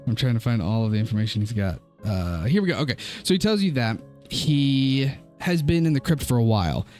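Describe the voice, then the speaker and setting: A man's voice: mid-range voice, soft background music. Young man narrating as game master. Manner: relaxed, chuckling, halting with fillers.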